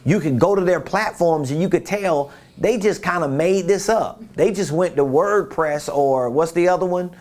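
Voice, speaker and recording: A man's voice: fairly high pitch, normal speed, hardly any pauses, a little mellow. A man giving a business coaching talk, emphatic and repeating his key points, who acts out quotes in different voices.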